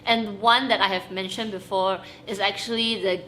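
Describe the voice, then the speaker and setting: This is a casual vlog: a young woman talks animatedly to camera at a moderate pace, her pitch medium, with slight background noise. She stresses things emphatically, tacking on "okay?" and laughing frequently.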